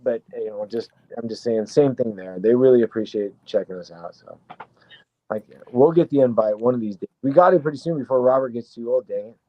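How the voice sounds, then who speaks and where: A man's voice: medium pitch, a little fast, dry recording, dull audio. Rambling, profane storytelling man. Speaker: guest actor. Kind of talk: casual storytelling.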